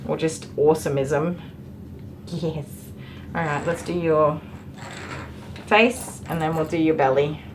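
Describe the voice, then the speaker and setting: A woman's voice: deep voice, takes it slowly, pauses often, background noise. A middle-aged woman, a dog groomer, chatting on a live stream while she works, with lots of ums and laughs. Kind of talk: casual chat while working. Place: grooming salon, indoors.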